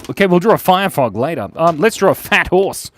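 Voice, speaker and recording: A man's voice: high-pitched, lively intonation, brisk, a bit bright. Playful man hosting a kids' drawing stream. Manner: playful, silly and chatty, with giggles and little voices. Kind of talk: casual live drawing commentary.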